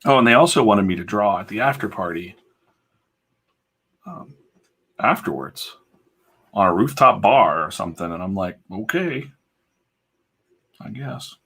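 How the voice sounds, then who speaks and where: A man's voice: sits low, animated, moderate pace, long pauses, a bit bright, husky. A man who livestreams himself drawing comics, telling a rambling, casual story full of fillers and asides. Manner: chatty, digressive, full of fillers.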